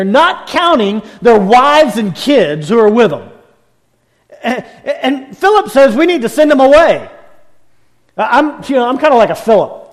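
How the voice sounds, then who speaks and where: A male pastor preaching a sermon in an animated way, swinging from loud and high to soft and low, with folksy storytelling. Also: unhurried.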